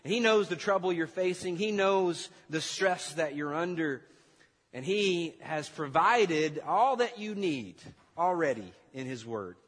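A man's voice: on the high side, animated, unhurried, fairly bright tone, husky. A male pastor preaching a sermon, playful in his storytelling and earnest in his exhortation, in a church hall. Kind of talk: sermon with a comic skit. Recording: long reverb of a large church hall.

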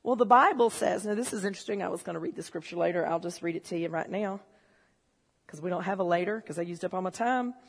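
A woman preaching a sermon in a church, telling stories and swinging from low, confiding talk to shouted excitement. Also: fast, gravelly, breathy edge. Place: church hall. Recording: long hall reverb.

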